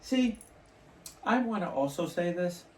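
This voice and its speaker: A man's voice: sits high, expressive, unhurried, far from the mic, slight background noise. A man co-hosting a podcast in casual chat, telling rambling stories with restarts and laughs. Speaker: podcast co-host. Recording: echoey room, away from the mic.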